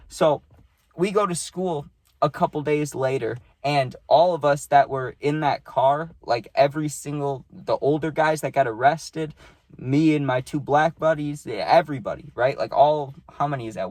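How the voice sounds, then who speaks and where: A man's voice: on the high side, normal speed, a little mellow, dry recording. A man casually telling a story in a rambling way, with lots of fillers and tag questions, and blunt, profane wording.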